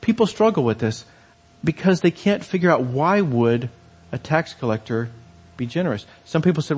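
A man's voice: fairly high pitch, animated, normal speed, a little mellow, slightly rough. A man preaching a sermon in a conversational storytelling way, with fillers and restarts.

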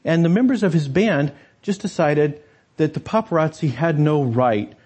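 Husky conversational male pastor. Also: fairly high pitch, moderate pace, darkish tone. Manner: conversational, with rhetorical asides to the congregation. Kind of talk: sermon.

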